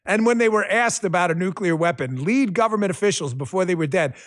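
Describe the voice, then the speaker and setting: A middle-aged man hosting a political podcast, combative and mocking, who swings from shouted insults to quiet muttered asides. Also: sits high, animated, fast talker, few pauses. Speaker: podcast host. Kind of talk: political commentary.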